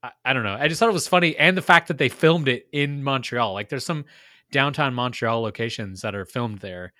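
Bright-voiced chatty man, dry sound. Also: medium pitch, brisk, no echo. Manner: chatty, musing, dry humor. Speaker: podcast co-host. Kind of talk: casual movie review chat.

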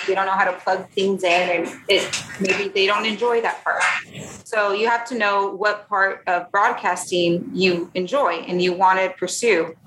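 Earnest woman in an echoey room. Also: medium pitch. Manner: earnest, halting, many restarts, emotional. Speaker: podcast guest. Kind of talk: candid conversational interview. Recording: echoey room, faint background noise.

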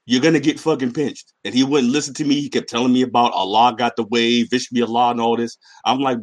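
A man's voice: mid-range voice, level tone, quick pace, hardly any pauses. Casting: mid-voiced man, streetwise storyteller, profane. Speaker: panel guest. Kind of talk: casual panel chat.

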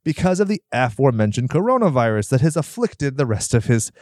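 A man's voice: medium pitch, big pitch swings, brisk, a little mellow, dry recording, studio quality. A nasal-voiced man hosting a podcast, rambling through plugs with crude jokes and self-deprecation. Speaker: podcast host. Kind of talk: casual podcast outro and plugs.

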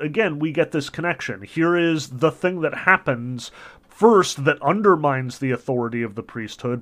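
A man's voice: mid-range voice, a bit bright. A male professor giving an informal lecture, talking casually with lots of "um" and "like" and correcting himself mid-sentence. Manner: casual, frequent "um" and "like" fillers, self-corrects mid-phrase.

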